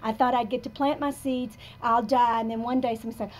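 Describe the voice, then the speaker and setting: Woman around 60 giving a pep talk in a coffee shop, kinda high voice, goes quiet then loud. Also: fairly even intonation, fast talker, slight background noise. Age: about 60. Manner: emphatic, confessional, swinging between soft and loud. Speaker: motivational speaker. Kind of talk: live motivational talk.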